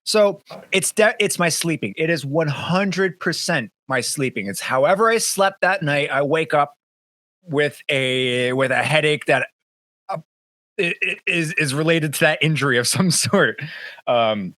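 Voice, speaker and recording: A man's voice: fairly high pitch, expressive, measured pace, pushed and bright, dry recording. A man co-hosting a podcast in casual chat, rambling and swearing, full of fillers and restarts. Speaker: podcast co-host. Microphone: webcam setup.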